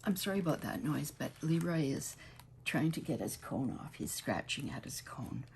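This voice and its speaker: A woman's voice: low voice, big pitch swings, moderate pace, gravelly, a little mellow, a little hiss or hum. A woman hosting a casual crafting tutorial at home, chatty and rambling, often restarting mid-sentence.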